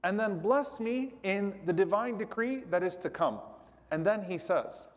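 Guy giving a sermon, pretty high voice, slow and explaining, lots of reverb. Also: animated. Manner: explains slowly, repeating Arabic supplications then translating.

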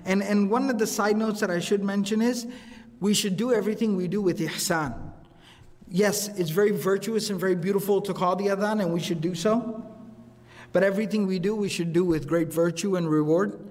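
A man giving a lively, conversational sermon in a mosque, mixing in recited Arabic quotations. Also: sits high, brisk, in a large hall. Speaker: imam.

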